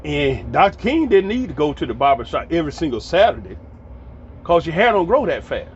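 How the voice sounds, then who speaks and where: A man's voice: on the high side, very animated, fairly quick. A man, telling old stories in a rambling, folksy monologue. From Atlanta, Georgia, US. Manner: folksy, rambling, repeats words when he restarts. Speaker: storyteller vlogger. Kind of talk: casual storytelling monologue. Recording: dull lo-fi audio with faint background noise.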